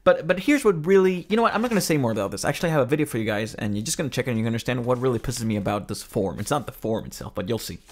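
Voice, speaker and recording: A man's voice: medium pitch, animated, racing, few pauses. A man hosting his own podcast, talking casually and directly to viewers with exasperated, sarcastic rhetorical questions. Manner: chatty, addresses viewers as guys. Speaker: podcast host. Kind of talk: casual spoken commentary.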